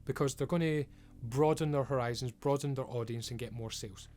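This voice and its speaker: A man's voice: mid-range voice, a little fast, darkish tone. A man giving an emphatic, frustrated rant as a video creator, swearing often. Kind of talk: ranting commentary.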